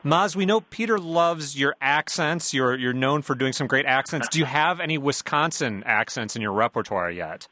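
Bright-voiced male radio interviewer. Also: medium pitch, expressive, moderate pace, few pauses, a little hiss or hum.

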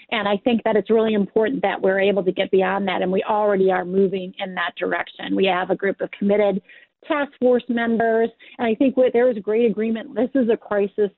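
A woman's voice: medium pitch, dry recording. Earnest woman, um-ing as she thinks, dry phone-line sound. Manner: earnest, thinking aloud with fillers. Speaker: guest, task force member. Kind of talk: interview answers.

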